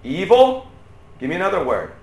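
A pastor preaches a sermon to a room, animated and swinging between loud outbursts and quiet asides while putting questions to the audience. His voice sits high and creaky at a moderate pace, with a reverberant sound.

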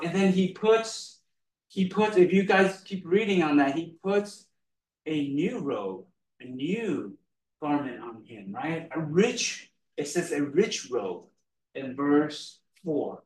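A man gives a relaxed, conversational sermon, slow and unhurried, often laughing and tossing in "right?" His voice sits a bit high and is heard from some distance in a roomy, echoing hall. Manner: chatty, laughs often, keeps asking "right?". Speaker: preacher. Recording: echoey room, mic far off.

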